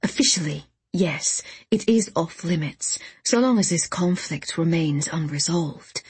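A woman voicing an earnest, composed female ally who speaks in a low, confiding voice in a storybook reading. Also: unhurried, a little mellow, husky, no room sound, full character voice.

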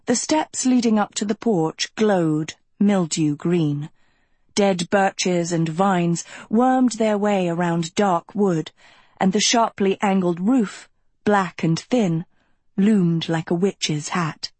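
Unhurried breathy woman narrating a story. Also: medium pitch, darkish tone, dry recording. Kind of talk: audiobook narration.

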